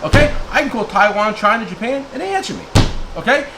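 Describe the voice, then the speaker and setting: A man's voice: very high voice, lively intonation, fast, noisy background. A man from New Jersey, a tool dealer, ranting heatedly to his viewers in a blunt, name-calling way, checking in with "okay?" again and again. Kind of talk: heated rant to camera.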